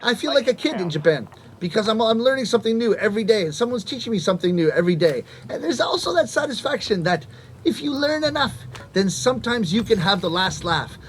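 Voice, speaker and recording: A man around fifty, a rakugo comedian telling comic stories to a live audience, animated and acting out voices and punchlines. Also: high-pitched, fast talker, a little hiss or hum. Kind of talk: stand-up storytelling to a live audience.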